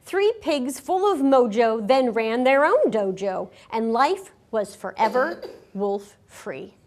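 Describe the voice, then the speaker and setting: A woman reading a picture book aloud to children at a school, expressive and animated. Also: a little high, slow pace. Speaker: storyteller.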